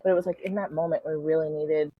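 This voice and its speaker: This middle-aged woman, a spiritual coach appearing as a podcast guest, has a low, steady voice and talks fast. She tells a personal story in a relaxed way, full of "like" and "you know," and laughs readily. The audio comes across as slightly dull and lo-fi.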